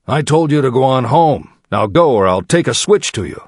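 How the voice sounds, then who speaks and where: A man voicing a gruff farmer uncle with a fierce temper, barking his words roughly. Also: mid-range voice, animated, normal speed, dry recording, clean studio sound, voice pushed up.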